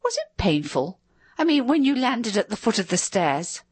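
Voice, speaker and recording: A woman's voice: mid-range voice, sing-song, moderate pace, slightly rough, no room sound. A woman voicing a bitter, scornful husband in a spoken story, sneering and sarcastic.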